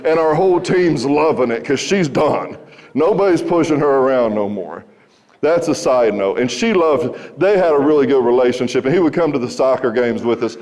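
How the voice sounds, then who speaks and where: A man's voice: mid-range voice, darkish tone. A man in his thirties telling a wry, conversational story to a school audience and asking them questions. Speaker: recovery speaker. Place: large school hall. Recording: hall reverb.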